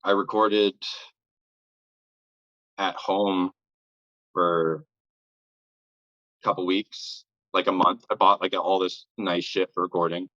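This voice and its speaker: A young interview guest tells a casual, rambling story, packing it with "like" and swearing. His low voice barely moves in pitch, and he speaks slowly with long pauses in a sharp tone; the audio is dull with no room sound.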